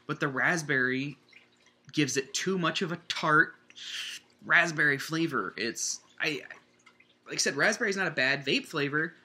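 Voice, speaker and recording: A man's voice: medium pitch, bright, forceful tone. A man rambling casually through a product review, correcting himself often and circling back to his points. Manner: rambling, self-correcting, chatty. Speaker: vape juice reviewer.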